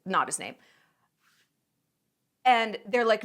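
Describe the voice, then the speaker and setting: A woman's voice: on the high side, moderate pace, long pauses, fairly bright tone. A woman giving casual opinion commentary in a blunt, profane and emphatic way, sarcastic and indignant. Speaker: commentary vlogger.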